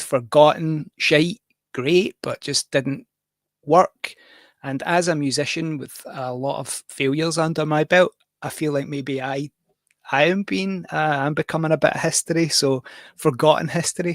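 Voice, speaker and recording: A man's voice: a little high, no echo. Scottish man, casual livestream host, rambling and self-mocking, dry close sound. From Scotland. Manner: rambling, self-deprecating, jokey.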